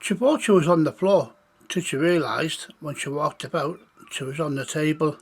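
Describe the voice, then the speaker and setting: A man telling an improvised children's story in a meandering way. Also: fairly high pitch. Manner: gravelly, slow and meandering.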